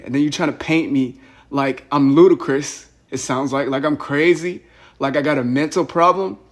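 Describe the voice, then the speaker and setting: A young man on a phone call, agitated and rambling, who often repeats himself. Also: medium pitch. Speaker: caller.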